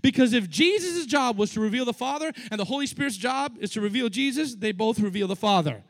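Male preacher, middle-aged, very high voice, animated delivery, slangy retellings. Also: brisk. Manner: animated, acts out biblical dialogue in casual slang. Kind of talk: sermon.

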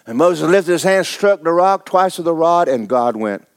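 Expressive and clear, with a resonant tone, a pastor delivers a sermon at a moderate pace with hardly any pauses. He reads and dramatizes scripture, peppers the congregation with questions, and swings from low asides to loud outbursts.

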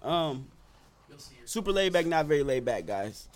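A man's voice: fairly high pitch, sing-song, measured pace. A man co-hosting a casual chat, joking and riffing with friends. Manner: joking, riffing, laughing often. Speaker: podcast co-host.

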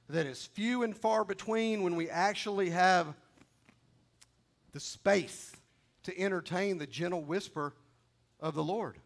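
A man preaching a sermon, with a high voice that has a gravelly edge. He exhorts his listeners and drives each point home by repeating it. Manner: repetitive, exhorting, emphatic. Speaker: pastor.

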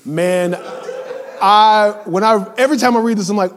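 Man, preacher, animated sermon, conversational, playful asides, fairly high voice, long hall reverb. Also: a little slow.

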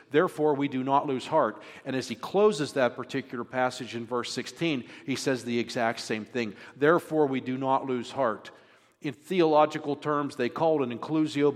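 A man's voice: mid-range voice, long reverb tail. A male pastor giving a sermon in a conversational, joking manner. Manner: conversational, jokes with the congregation.

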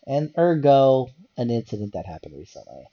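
A man's voice: medium pitch, sing-song, moderate pace, no room sound, muffled recording. A man talking in a rambling, blunt casual rant about working in a medical office, swearing and repeating himself.

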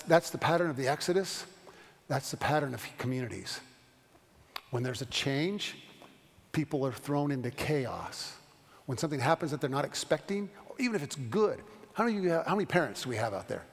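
A pastor teaching a Bible study class, talking fast and animated, with frequent restarts. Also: male voice, a little high, vocal fry, in a large hall. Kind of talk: Bible study lecture with questions.

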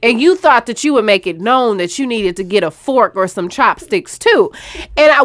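A young woman co-hosts a casual chat show, swinging her voice up high as she tells a story. She keeps it loud and profane, on a close, dry mic. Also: no room sound. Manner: loud, profane storytelling with big pitch jumps. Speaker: podcast co-host.

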